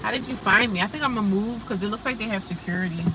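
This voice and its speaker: A woman's voice: medium pitch, fast talker, distant mic, noisy background. A woman chatting casually on a livestream from her car, rambling and talking straight to her viewers. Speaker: livestreaming vlogger. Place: inside a parked or slowly driving car.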